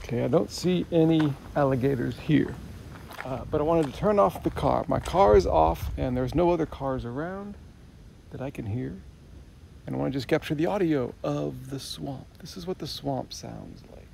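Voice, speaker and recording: A man's voice: on the high side, moderate pace, creaky, mellow, a little hiss or hum. A man in a casual outdoor travel vlog, talking in a chatty, wry and self-mocking way. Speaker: travel vlogger. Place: outdoors by a swamp.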